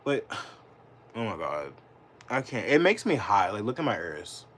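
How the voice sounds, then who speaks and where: A man's voice: fairly low pitch, very animated, unhurried, a bit bright. A man doing live political commentary, rambling, profane and full of "like", getting heated and indignant. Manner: profane, rambling, heavy use of "like". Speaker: political livestreamer.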